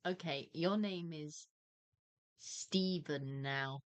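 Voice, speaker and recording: A woman playing in a tabletop game, teasing the others in a dry, deadpan way. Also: deep voice, extremely slow. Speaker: player. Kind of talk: casual tabletop game chat.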